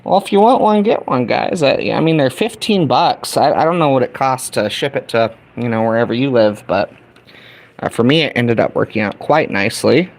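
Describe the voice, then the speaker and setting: A man's voice: medium pitch, expressive, normal speed. A middle-aged American man chatting casually with his livestream viewers while he builds a small kit. He talks in a folksy, chatty way and addresses the audience directly. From United States. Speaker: livestream host.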